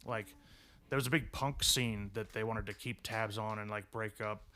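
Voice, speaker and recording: A man's voice: fairly low pitch, fairly even intonation, moderate pace, pushed and bright, a little hiss or hum. A young man co-hosting a casual podcast, rambling through stories with frequent laughter and swearing. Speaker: podcast co-host.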